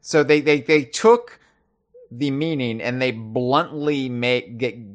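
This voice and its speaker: Chatty podcast co-host man, lively delivery. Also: slow. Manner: animated, puts on a loud booming trivia voice; restarts and repeats words while thinking aloud. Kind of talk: casual chat.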